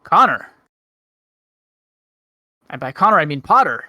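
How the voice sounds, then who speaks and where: A man's voice: fairly high pitch, unhurried, dry recording, lo-fi sound. A man running a tabletop game as game master, easygoing and laughing often.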